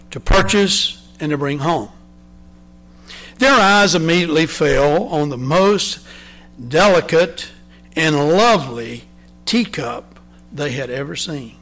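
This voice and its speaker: A man, a preacher, reading a parable aloud slowly and deliberately, often dropping to a soft, low voice.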